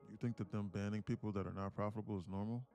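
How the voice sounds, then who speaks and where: A man from with a gravelly voice, boasting about his trading and bantering with viewers on a live stream from his home apartment. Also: lowish voice, steady tone, very fast, dark tone, faint music behind. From Atlanta, USA. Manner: boastful, teasing banter with chat. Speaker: day trader streamer.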